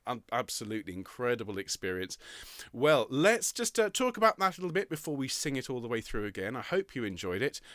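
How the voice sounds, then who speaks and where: Bright, crisp-voiced male choir conductor. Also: mid-range voice, sing-song, quick pace, hardly any pauses, no room sound, studio quality. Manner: chatty, repeats words, coaches with enthusiasm. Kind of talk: online choir rehearsal talk.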